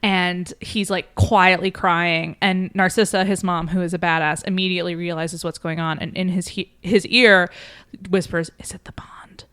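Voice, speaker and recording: Animated woman retelling a story. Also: fairly low pitch, clean tone. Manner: animated, rapid storytelling with fillers. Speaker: podcast host. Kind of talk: casual chat retelling a story.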